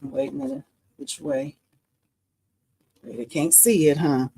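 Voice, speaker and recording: A woman's voice: low voice, expressive, slow pace, creaky, warm tone, breathy edge, low-quality recording. A middle-aged woman hosting a casual live embroidery demo, chatting with viewers and laughing often. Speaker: embroidery livestream host.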